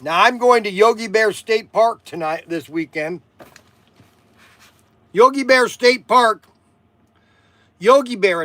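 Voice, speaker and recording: High, bright-voiced older man rambling. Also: no echo. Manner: rambling, self-interrupting, chuckling. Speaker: shop owner and show host. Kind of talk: rambling live chat. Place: shop.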